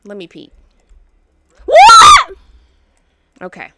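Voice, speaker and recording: Woman, let's play host, bright tone, animated, exasperated, slangy chatter. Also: mid-range voice, a little slow. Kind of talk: casual gameplay commentary.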